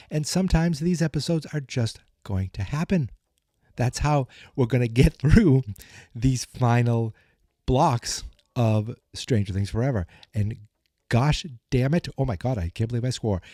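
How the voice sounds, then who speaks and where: A man's voice: mid-range voice, mellow, no echo, studio quality. A man hosting a podcast, recapping in a chatty, rambling, self-joking way, with a scratchy morning voice. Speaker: podcast host. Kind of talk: casual recap monologue.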